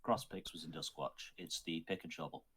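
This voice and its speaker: A man's voice: very deep voice, fairly even intonation, brisk, fairly bright tone, slight background noise. A man running a livestreamed tabletop game as game master, loose and laughing, swearing freely.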